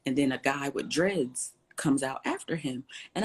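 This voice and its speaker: A woman guest in an interview, telling a personal story with lively, acted-out dialogue. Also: low-pitched, a little fast, few pauses. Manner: animated storyteller, acts out quoted dialogue.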